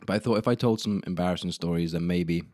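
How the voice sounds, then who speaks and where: A man's voice: sits low, quick pace, a little mellow, dry recording. A young man hosting a solo podcast, telling embarrassing stories in a rambling, self-deprecating way with casual swearing. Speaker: podcast host. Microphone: camera mic in a room.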